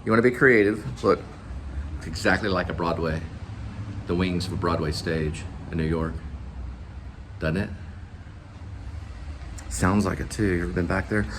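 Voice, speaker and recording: Rambling low-voiced man telling anecdotes. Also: normal speed, long pauses, noisy background. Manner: rambling, name-dropping anecdotes. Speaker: vlog host, delivery runner. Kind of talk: casual rambling chat.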